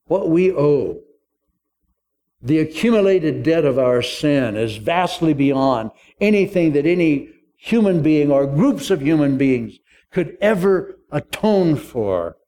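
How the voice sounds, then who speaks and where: Animated older man preaching a lively sermon. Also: a little high, slow. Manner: animated storyteller acting out dialogue with humor. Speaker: pastor.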